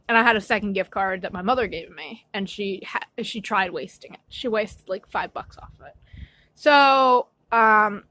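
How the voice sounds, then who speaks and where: A woman's voice: on the high side, pushed and bright, no echo. A young woman vlogging an emotional, swear-filled rant, apologetic and shaky as she tells her story. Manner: upset, ranting with frequent swearing.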